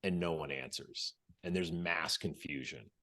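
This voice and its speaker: Deep-voiced man telling a war story. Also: measured pace, sharp tone. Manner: vivid storyteller who acts out quotes and restarts phrases. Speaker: podcast guest, former Navy SEAL. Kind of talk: casual storytelling in an interview.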